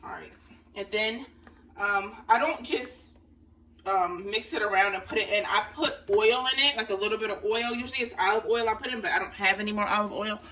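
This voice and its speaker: A woman's voice: medium pitch, fairly quick, sharp tone, distant mic. A woman vlogger, chatting to her viewers as she cooks dinner and calling them honey. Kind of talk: casual cooking vlog. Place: home kitchen. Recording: voice a bit off-mic with faint room noise.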